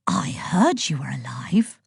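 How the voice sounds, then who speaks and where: Lady doing a whispery gossipy rumour demon, hushed and sneaky. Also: lowish voice, lively intonation, moderate pace, slightly rough, no room sound, studio quality. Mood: conspiratorial. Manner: whispered, conspiratorial.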